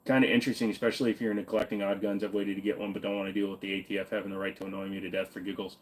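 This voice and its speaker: Casual male streamer with a lowish voice, reads chat questions and answers offhand, jokey and cursing a bit. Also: flat delivery, racing. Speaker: livestream host answering chat.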